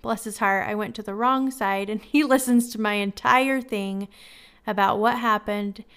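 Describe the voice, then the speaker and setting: A woman's voice: medium pitch, fairly even intonation, moderate pace, fairly bright tone, smooth. A woman hosting a podcast, telling a candid, self-deprecating story in a casual, chatty way and giving friendly advice. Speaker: podcast host.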